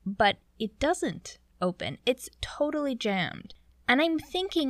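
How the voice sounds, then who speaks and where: A young woman from Canada telling a story in a chatty, animated way, with lots of "like". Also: sits high, slow pace, no echo, clean studio sound. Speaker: vlogger. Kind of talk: casual storytelling.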